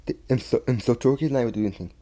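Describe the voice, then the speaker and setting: A young man casually retelling a fan-made story, halting often and restarting his sentences. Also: medium pitch, dark tone. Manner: halting, many restarts and repeats.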